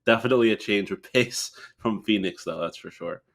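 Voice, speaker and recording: A man's voice: on the low side, brisk, vocal fry. A young man in his twenties, a podcast guest chatting casually and rambling with many restarts. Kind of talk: casual chat.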